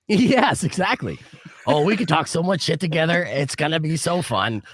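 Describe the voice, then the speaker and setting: Animated brash male radio host. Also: fairly high pitch, normal speed, a little hiss or hum. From New Jersey. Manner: animated, brash, swears casually. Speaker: radio morning show host. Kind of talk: casual radio and podcast chat.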